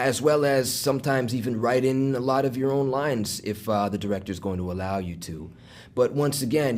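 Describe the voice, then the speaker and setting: A man's voice: fairly low pitch, darkish tone. Thoughtful man explaining voice acting. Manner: thoughtful, explains at length in full sentences. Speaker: voice actor guest. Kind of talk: casual interview chat.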